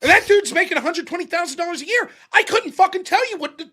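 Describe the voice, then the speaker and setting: A young man hosts a call-in show with a high, bright voice that jumps all over the place. He tells stories in a profane, animated way, slipping into mocking voices for the people he quotes. His delivery stays lively and full of swearing. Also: fast talker, few pauses. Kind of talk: casual call-in chat.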